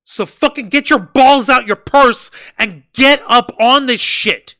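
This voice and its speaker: High bright voice, swearing nonstop, ranting hard about wrestling promos. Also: unhurried. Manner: profane, ranting, emphatic. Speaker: wrestling review co-host. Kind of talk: heated podcast rant.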